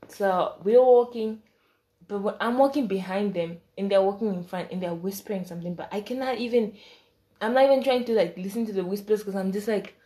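Chatty young woman telling a story. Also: mid-range voice. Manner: animated, acts out quoted dialogue with shifting voice; chatty and slangy, with asides and laughter. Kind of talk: casual storytime.

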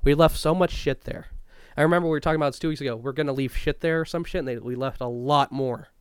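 A man's voice: a little high, fast, clear, resonant tone, no echo, studio quality. A young man co-hosting a podcast, talking loosely in a rambling way and swearing often. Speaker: podcast co-host. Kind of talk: casual chat.

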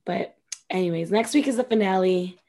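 A woman's voice: mid-range voice, normal speed, gravelly, dark tone. A woman co-hosting a casual podcast, animatedly recapping a reality show, acting out quotes and swearing freely. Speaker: podcast co-host.

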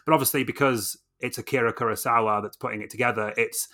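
A man's voice: mid-range voice, fairly even intonation, quick pace, sharp tone. A man co-hosting a film podcast, talking with enthusiasm in a loose, rambling way full of fillers. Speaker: podcast co-host. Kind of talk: casual film review chat.

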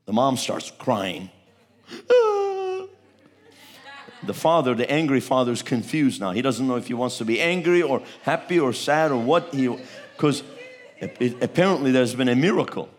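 A middle-aged man from Turkey preaching a sermon, telling a story with animated energy and acting out the people in it. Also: medium pitch, moderate pace. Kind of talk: testimony sermon.

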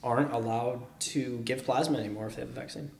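A man's voice: mid-range voice, steady tone, creaky, a little mellow, a little hiss or hum. A man co-hosting a podcast, chatting casually and firing off questions and teasing remarks. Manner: quick questioning banter. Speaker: podcast co-host. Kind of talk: casual chat.

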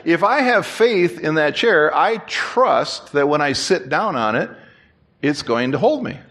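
A man preaching a sermon as pastor, telling a story in a lively, joking way and repeating phrases for emphasis. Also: a little high, unhurried. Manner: animated, jokey storyteller who repeats and restarts phrases.

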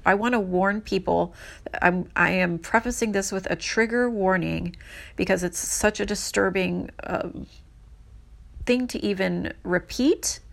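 A woman tells a piece of history in a slow, unhurried voice, pausing and restarting as she checks her notes. Her tone is earnest and emphatic. She has a mid-range voice and a casual, conversational delivery. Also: medium pitch, vocal fry.

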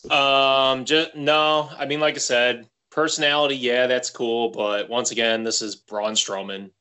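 A man's voice: mid-range voice, steady tone, measured pace, sharp tone, smooth. A man co-hosting a casual wrestling podcast, playfully laying out a wild theory. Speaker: podcast co-host. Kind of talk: casual chat.

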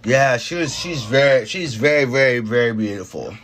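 A man's voice: mid-range voice, animated, normal speed, a bit bright. A young man chatting casually, rambling with lots of fillers, restarts and swearing as he tells a story. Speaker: podcast talker telling a work story. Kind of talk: casual chat.

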